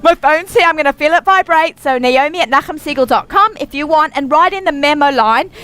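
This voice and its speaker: This middle-aged Australian woman's voice sits high with a fairly bright tone, and she talks a little fast. Hosting her radio show live in a busy store, she keeps up a bubbly, casual chat packed with fillers, against faint store noise.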